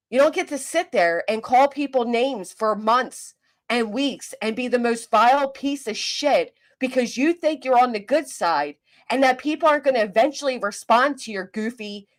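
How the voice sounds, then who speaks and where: Profane South Jersey woman mocking her critics. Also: on the high side. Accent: South Jersey near Philadelphia. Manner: reads and answers chat aloud. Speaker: commentary streamer. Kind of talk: casual live-stream commentary.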